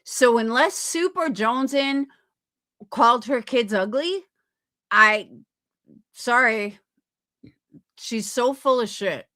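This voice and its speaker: A woman on a live-stream panel, talking bluntly and profanely and taking sides quickly. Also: a little high, bright, forceful tone.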